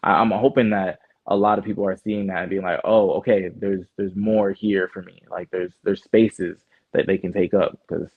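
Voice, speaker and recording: A man's voice: deep voice, fairly even intonation, moderate pace, few pauses, breathy edge, no echo. A young Canadian man, a guest artist, chatting in a laid-back way with lots of fillers and restarts. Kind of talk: casual interview chat. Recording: muffled phone-like sound.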